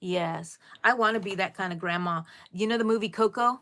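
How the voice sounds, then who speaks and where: A woman's voice: medium pitch, a little fast, fairly bright tone. A middle-aged woman hosting a casual crochet livestream, chatting with viewers, answering their comments and often calling them "people". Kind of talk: casual live chat with viewers.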